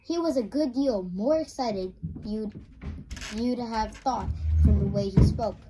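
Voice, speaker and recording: Slow, halting woman reading aloud. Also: a little high, noisy background. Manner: halting, restarts and repeats words. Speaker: reader.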